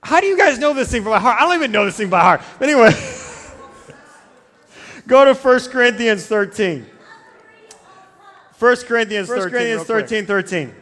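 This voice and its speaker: A man's voice: extremely high pitch, animated, a little fast, pauses often, a bit bright. A man giving a casual, joking youth sermon that keeps drifting off into tangents and cutting himself short. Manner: rambling, digressive, self-interrupting. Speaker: youth pastor. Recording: long reverb from a large hall.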